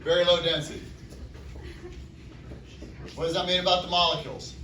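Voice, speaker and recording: A man's voice: sits high, level tone, normal speed, pushed and bright, slight background noise. A man teaching chemistry to a classroom, asking the class questions and answering them himself. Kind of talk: classroom lecture. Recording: echoey classroom from far off.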